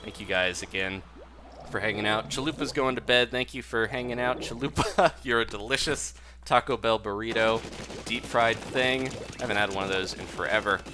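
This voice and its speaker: A man's voice: fairly low pitch, normal speed, background noise. Chatty man streaming a game. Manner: chatty, laughs often, reads chat aloud. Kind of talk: live gameplay commentary. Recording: game music behind voice. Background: game music.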